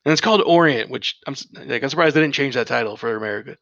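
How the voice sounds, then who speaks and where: A man's voice: medium pitch, very fast, vocal fry, fairly bright tone, dry recording. A man co-hosting a casual podcast, reading show summaries aloud and talking enthusiastically, swearing freely. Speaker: podcast co-host. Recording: dull lo-fi dry mic.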